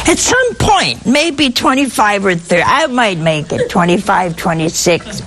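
A woman's voice: medium pitch, very animated, a little slow, few pauses, a bit bright, poor audio. A woman giving a sermon, telling stories with humor and asking her listeners rhetorical questions. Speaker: preacher.

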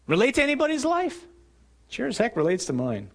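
A man preaching a sermon, telling stories vividly and acting out scenes, rising to shouts and dropping low and quiet for emphasis. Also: huge pitch swings, fast talker. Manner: storytelling, acts out scenes with raised shouting voice.

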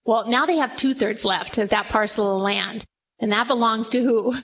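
A middle-aged woman with a high voice preaches to a room full of listeners. She tells the story with animation and acts out each person in it, in sermon style. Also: normal speed, slight background noise, rough recording. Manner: animated storytelling, acting out the quoted speakers. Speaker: Bible teacher. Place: room with a live audience.

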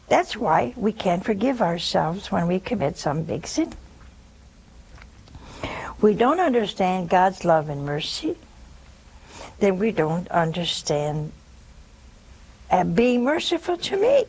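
A woman delivers a broadcast sermon in an unhurried, slightly breathy voice. Her pitch rises and falls widely as she tells folksy, teasing stories to her listeners. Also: very animated, darkish tone, rough recording. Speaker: preacher.

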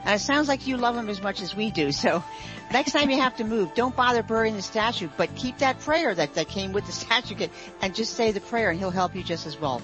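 A woman co-hosting a Catholic call-in radio show, calmly reassuring and advising a caller. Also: mid-range voice, a little fast, music in the background, poor audio.

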